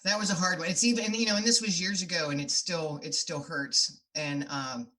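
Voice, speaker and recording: A middle-aged woman guest on a podcast interview, her voice pitched low with a bright, forceful edge. She talks in an earnest, heartfelt way, recounting things at length. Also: fairly even intonation, normal speed.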